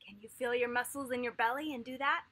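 A woman leads children through vocal warm-ups in a cheerful, encouraging way. Her voice sits a little high and rings with a bright, forward tone. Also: steady tone, quick pace. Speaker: voice teacher.

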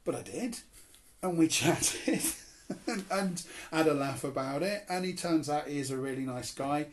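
A man's voice: on the high side, normal speed, slight background noise. A man from Cornwall, a comedian and crime writer, telling a self-mocking story as an interview guest. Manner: animated, self-mocking anecdotes with acted-out quotes.

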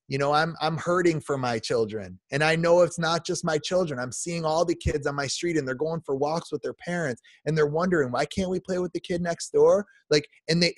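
A man's voice: on the high side, dry recording. A man in his forties, a podcast guest, delivering an impassioned rant with emphatic restarts and repeats. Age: 40s.

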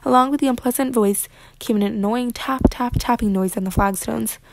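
A woman reading a children's novel aloud with lively, expressive narration. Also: on the high side, fairly quick, creaky, noisy background. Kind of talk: read-aloud storybook narration.

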